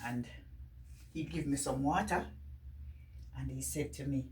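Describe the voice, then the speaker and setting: A woman's voice: a bass voice, unhurried, long pauses, darkish tone, distant mic, a little hiss or hum. A woman with a Jamaican accent telling viewers a personal story in an emotional, earnest way, often speaking straight to them.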